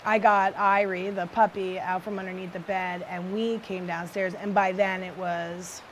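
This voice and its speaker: A woman recounting her flood escape in a documentary interview, halting and shaken. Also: mid-range voice, level tone, slight background noise. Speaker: flood survivor.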